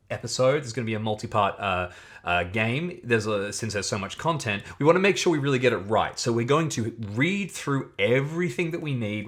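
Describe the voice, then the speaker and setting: A man's voice: on the low side, a bit bright. Chatty enthusiastic male livestream keeper. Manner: chatty, enthusiastic, greets chat viewers. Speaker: solo keeper running a livestream. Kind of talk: livestream game prep and rules reading.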